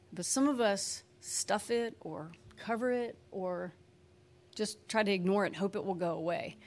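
A woman giving a conversational personal testimony in a chatty, folksy way, full of "you know" and "like", sometimes acting out quoted voices with lively energy. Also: medium pitch. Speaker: speaker sharing her faith testimony.

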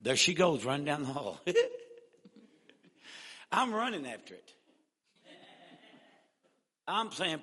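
A male evangelist telling a humorous story in a sermon, folksy and animated. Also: a little high, measured pace, pauses often, slightly rough. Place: church. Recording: echoey church hall.

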